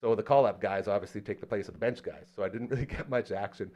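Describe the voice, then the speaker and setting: A man hosting a relaxed podcast who tells his stories with real animation. He swings into other voices for the quotes and keeps the chat loose and casual. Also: fairly low pitch, quick pace. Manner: animated storyteller, acts out quotes. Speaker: podcast host.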